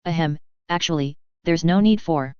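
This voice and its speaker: A woman's voice: low-pitched, normal speed, warm tone, smooth, no room sound, natural voice. A woman reading as a blunt, outspoken young witch. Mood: patient. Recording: dull, lo-fi, dry.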